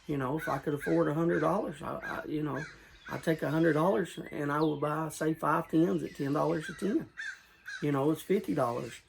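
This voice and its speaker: A man's voice: on the high side, normal speed, vocal fry, slight background noise, low-quality recording. A man with a rural Southern US accent talking in a casual, rambling vlog style about pipe tobacco, repeating and correcting himself and earnestly urging his viewers.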